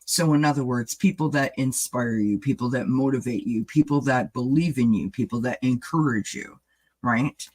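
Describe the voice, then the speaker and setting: A man's voice: mid-range voice, normal speed, darkish tone. Chatty man giving a tarot reading. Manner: chatty, addresses viewers by name; rambling, restarts mid-thought. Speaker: tarot reader. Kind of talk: casual live-stream tarot reading.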